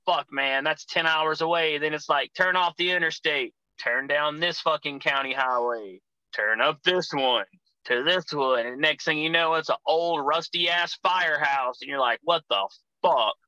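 Young male wrestler guest, bright, slightly high-set voice, foul-mouthed rambling storyteller, dry close mic. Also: moderate pace, no room sound, rough recording. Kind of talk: casual podcast chat.

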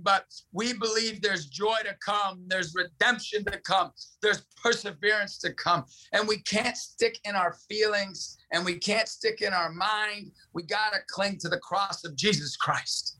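Male evangelist guest, fiery and emphatic, bright forceful tone. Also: sits high, a little slow, few pauses, low-quality recording. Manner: impassioned, emphatic, repetitive punchy phrases. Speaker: ministry director, guest. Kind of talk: fervent preaching-style talk.

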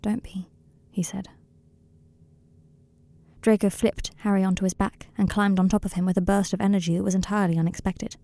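A woman reads a story aloud in a slow, intimate, quiet way. Her voice is dark and gravelly with dry, close sound. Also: medium pitch, little pitch movement, no echo. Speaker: narrator. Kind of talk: audiobook reading of fan fiction.

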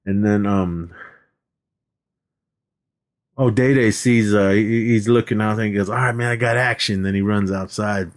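An American podcast co-host casually recaps movie scenes, laughing often, swearing freely and restarting sentences as he tries to recall what happened. His voice sits on the low side with fairly even intonation, a slightly slow pace and long pauses.

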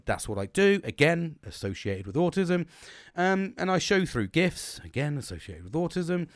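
A British man with a medium-pitched voice vlogs an unscripted personal monologue, recorded dry with studio quality. He speaks bluntly with no filter, swears often and keeps restarting sentences, calling himself bolshy and gobby.

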